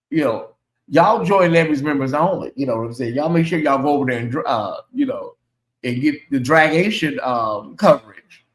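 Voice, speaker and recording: Chatty animated man, echoey room. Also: medium pitch, unhurried, long pauses. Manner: chatty, animated, reacts aloud to comments. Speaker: channel host. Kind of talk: casual livestream chat reading chat messages.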